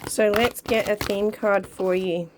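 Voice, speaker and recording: A woman giving a casual, chatty tarot card reading to her viewers, talking at an easy, drawn-out pace. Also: medium pitch, steady tone, noisy background. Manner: chatty, drawn-out, sings song lyrics along. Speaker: tarot reader.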